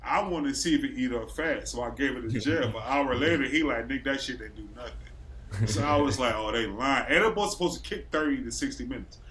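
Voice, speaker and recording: A man's voice: medium pitch, a little fast, hardly any pauses, a bit bright, a little hiss or hum. A man from Racine, Wisconsin, a podcast host telling a story in loose casual chat, acting out the quotes and swearing freely.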